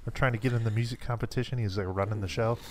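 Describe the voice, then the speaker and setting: This is a man in relaxed film podcast banter. He teases his co-hosts and gives them mock lectures in a mid-pitched, ordinary voice, and there is a light hiss of noise behind him. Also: very fast. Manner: teasing, needles the others with mock lectures. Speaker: podcast co-host.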